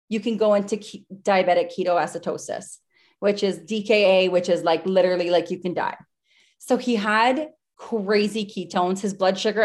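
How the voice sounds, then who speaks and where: A woman in her thirties, a podcast guest, telling a story in a casual, chatty way over a video call, with lots of filler words. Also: medium pitch. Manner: chatty, with many "like" fillers and breathless retelling.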